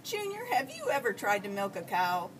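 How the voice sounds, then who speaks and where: A woman playing a kindly, good-humored old farmer from a children's storybook, talking in a folksy, patient way that drops a little lower than her usual voice. The sound comes from a mic set a good way off, with a faint hiss behind. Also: wildly swooping pitch, moderate pace, distant mic, rough recording. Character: friendly older male farmer, good-humored.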